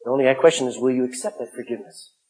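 A middle-aged male pastor preaching a sermon, emphatic, swinging from loud calls to hushed asides. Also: mid-range voice, rapid-fire, breathy edge.

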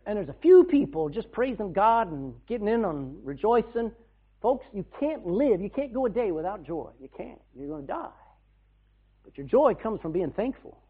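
A man preaching a sermon, telling stories with loud bursts and hushed asides. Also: sits high, breathy edge. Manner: animated storytelling, shouting bursts and hushed asides. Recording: tinny phone-like sound.

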